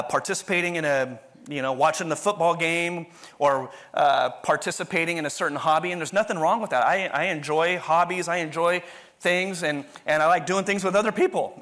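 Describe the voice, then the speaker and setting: A man's voice: on the high side, a bit bright. A man preaching a sermon in a conversational, rambling way, often restarting his sentences. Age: adult, continuing university studies. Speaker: pastor.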